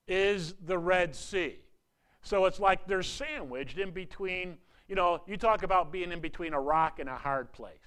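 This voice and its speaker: A man's voice: high voice, fairly bright tone, smooth. A man preaching a sermon as a pastor, in a conversational way, often repeating and restarting words and briefly acting out quoted voices.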